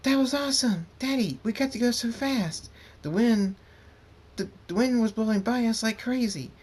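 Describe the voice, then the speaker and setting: A man voicing a pair of excited little girls in a read-aloud fan story, with high squealing shouts. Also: moderate pace.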